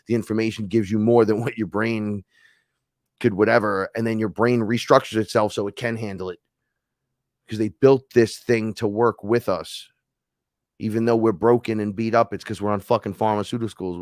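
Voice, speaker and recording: A man's voice: lowish voice, fairly even intonation, moderate pace, darkish tone, dry recording, studio quality. A man hosting a live stream, telling a rambling, profane story in casual chat. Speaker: host.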